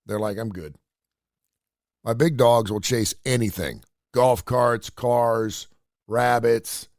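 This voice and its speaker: A man's voice: lowish voice, no echo. Middle-aged male radio host, loose rambling storyteller, dry booth sound. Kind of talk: casual solo radio talk.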